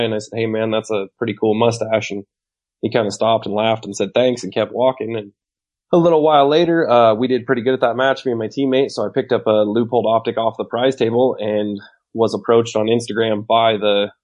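Flat, low-voiced man, muffled sound. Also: a little fast. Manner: loud, outgoing, wisecracking. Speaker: podcast guest, competitive shooter. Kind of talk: casual storytelling.

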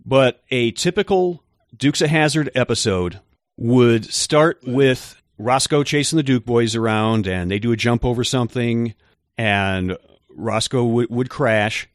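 A man co-hosting a podcast, who explains things in a measured way with some filler words. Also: medium pitch, no echo, studio quality. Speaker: podcast co-host. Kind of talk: casual chat.

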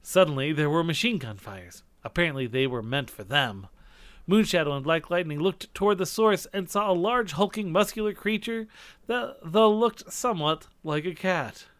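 Man, slightly high voice, amused, reads a story aloud, dry close sound. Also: animated, moderate pace, fairly bright tone, no room sound. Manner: giggly, amused reading. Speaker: co-host reading a childhood story. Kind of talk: comedic read-aloud with commentary.

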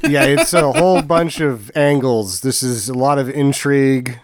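A man's voice: medium pitch, unhurried, no room sound, clean studio sound. A man making wry, offhand comments in a casual movie chat.

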